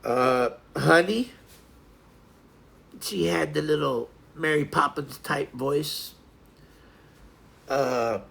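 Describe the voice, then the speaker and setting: Gravelly man chatting casually with his dogs. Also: a little high. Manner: rambling, loose grammar, talks to his dogs. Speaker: host. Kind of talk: casual livestream chat.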